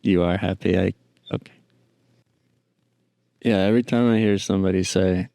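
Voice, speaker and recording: A man's voice: deep voice, steady tone, unhurried, pauses often, mellow, clear, resonant tone, dry recording. A man hosting a podcast, rambling dryly on his own and talking to his pet. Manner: rambling, dry, talks to a pet. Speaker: podcast host. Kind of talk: casual solo chat.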